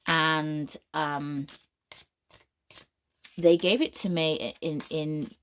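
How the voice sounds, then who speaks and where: A woman's voice: low-pitched, steady tone, extremely slow, fairly bright tone. A British woman reading tarot cards as a medium, talking in a rambling, free-flowing way with frequent restarts and tangents. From United Kingdom.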